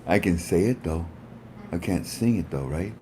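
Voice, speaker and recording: A man's voice: low-pitched, normal speed, a little mellow, a little hiss or hum. A man hosting a casual livestream, chatting with viewers in a playful, joking, rambling way. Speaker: livestream host.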